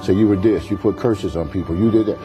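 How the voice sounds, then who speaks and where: With music behind him, a pastor in a fairly low voice recounts his life at a quick pace during a TV interview. It's an earnest testimony, and he voices each quoted person as he tells it.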